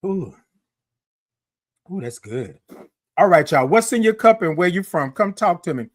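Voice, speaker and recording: Lively chatty man hosting a morning show. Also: sits high, measured pace, no room sound, studio quality. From Houston, Texas. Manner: lively, chatty, sings out greetings to viewers. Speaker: host. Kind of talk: live-streamed morning show chat.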